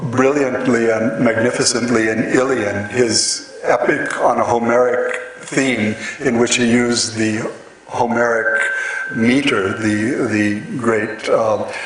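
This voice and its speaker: A man giving a lecture on poetic meter, speaking slowly and haltingly with many fillers and restarts. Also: mid-range voice. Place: large hall with an audience. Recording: echoey hall, mic at a distance, audience noise.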